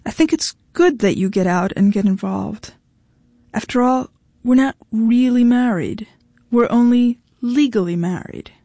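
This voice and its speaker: A woman's voice: on the high side, measured pace, warm tone, no echo, studio quality. A woman reading the lines of a blunt, defiant young woman who speaks in a cutting, dismissive way. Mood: strained.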